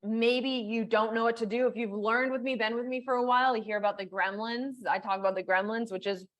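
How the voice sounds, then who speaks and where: A woman's voice: fairly high pitch, fairly even intonation, brisk. A woman hosting a live coaching session, talking casually with lots of "like"s and reading viewer comments aloud. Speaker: law of attraction coach and host. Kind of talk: live-streamed coaching talk.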